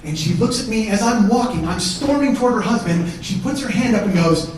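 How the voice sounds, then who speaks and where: A comedian telling a story on a theater stage, profane, swinging from shouting to hushed. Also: male voice, high-pitched, lively intonation, brisk, a little hiss or hum. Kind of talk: stand-up storytelling. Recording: echoey theater from far off.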